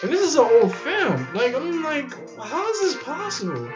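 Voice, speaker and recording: A man's voice: extremely high pitch, huge pitch swings, normal speed. A man vlogging in casual, rambling commentary, stammering and incredulous as he repeats himself. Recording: echoey room, dull audio, faint music.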